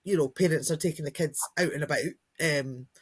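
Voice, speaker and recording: In a low, slightly rough voice and at a fairly quick clip, a dog trainer chats on the podcast she co-hosts. She's casual and talkative, voicing what dogs and kids might say.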